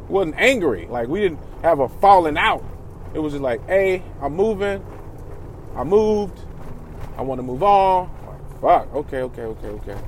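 A man's voice: a little high, sing-song, moderate pace, slight background noise. A man vlogging candidly about his feelings, rambling, swearing, and often restarting his sentences. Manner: rambling, profane, restarts a lot. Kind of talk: candid personal vlog.

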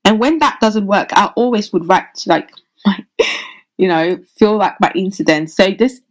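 A woman midwife answering interview questions in an earnest, thoughtful way, often pausing over her words with fillers. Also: medium pitch, poor audio. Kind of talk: interview answers, casual conversation.

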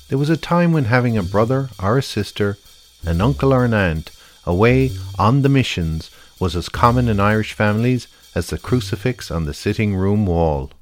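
A man narrating a documentary in a measured, formal scripted style. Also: fairly low pitch.

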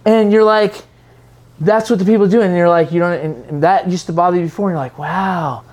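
A preacher giving a sermon in an animated, rambling way, acting out quoted voices with frequent restarts. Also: medium pitch, fast talker.

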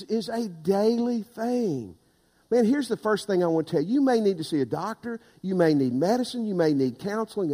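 A man preaching a sermon as pastor, building to loud, emphatic passages. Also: high voice, big-room sound.

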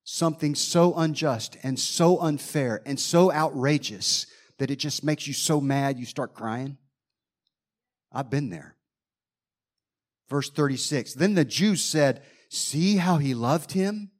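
A man's voice: on the high side, slow pace. Dramatic male preacher reading scripture. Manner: dramatic, acts out groans and sighs.

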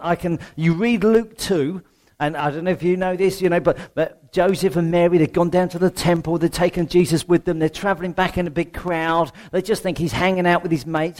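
A man's voice: on the high side, darkish tone. Chatty man preaching a sermon. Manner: conversational, asks the congregation questions.

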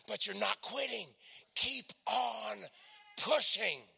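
A man preaching a sermon, exhorting with emphatic repetition and dropping to soft storytelling. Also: high-pitched, lively intonation, normal speed.

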